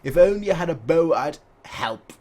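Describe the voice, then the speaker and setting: A man's voice: a little high, lively intonation, normal speed, dark tone. A man hosting a casual manga read-along reaction, joking and throwing in sound effects between the lines he reads.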